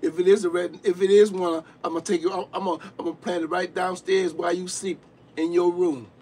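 High husky guy yelling and stammering, bickering in a skit. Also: level tone, fast. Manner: loud, repeats himself, stammers. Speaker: uncle in a comedy skit. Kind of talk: loud comedic bickering.

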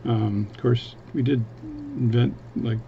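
A man's voice: medium pitch, huge pitch swings, takes it slowly, vocal fry, dull audio, a little hiss or hum. A man from Canada, a watchmaker, chatting casually at his workbench in a rambling, self-interrupting way. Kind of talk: casual chat.

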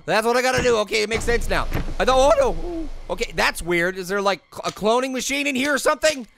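A hyper cartoon fruit voiced by a man chatters through a video game, his very high voice bright and cutting. He swoops up and down in pitch, repeating himself and shrieking whenever something jumps out. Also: fast talker, a little hiss or hum, exaggerated voice. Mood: jumpy. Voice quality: high, gravelly voice. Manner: excitable, yelps and shrieks at scares, repeats himself. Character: hyper, wisecracking cartoon fruit gamer, male. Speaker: let's play commentator. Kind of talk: let's play commentary.

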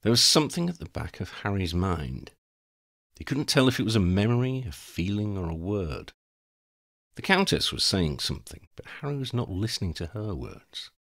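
Male audiobook narrator, low voice, expressive and animated. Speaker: audiobook reader. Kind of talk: fan fiction audiobook narration.

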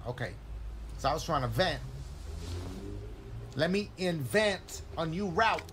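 Brief: animated man, loud and profane game commentary, lively pitch swings. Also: a little slow, soft background music. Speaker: gamer playing a horror game. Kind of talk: casual let's play commentary.

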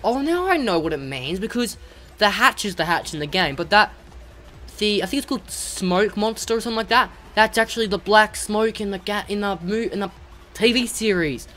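A woman gamer giving casual let's-play commentary, chattering to game characters and breaking into excited shouts. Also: medium pitch, fairly quick, soft background music.

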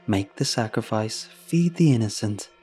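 A man's voice: lowish voice, animated, a little slow, mellow, slightly rough, faint music behind. A man voicing an ancient witch who poses as a sweet older woman, with a sly, teasing, cackling manner, in a horror story reading. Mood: gloating.

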